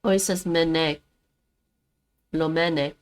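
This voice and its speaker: A woman with a somewhat low voice practices words on a live stream. She repeats each word after the app and thinks aloud about accents and stress as she goes. Her talk is relaxed and unscripted. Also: normal speed, creaky, rough recording. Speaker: streamer learning languages.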